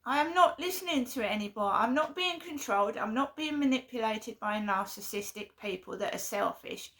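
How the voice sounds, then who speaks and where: A woman's voice: a little high, animated, brisk, fairly bright tone. A woman venting emphatically in a vlog, repeating her points in an aggrieved way. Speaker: vlogger.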